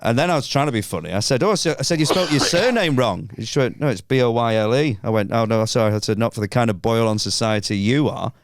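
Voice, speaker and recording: A podcast guest from northern England tells a comedic anecdote, animated, indignant, and sweary, acting out both sides of the exchange. He has a medium-pitched voice and talks fast with hardly any pauses, over slight background noise.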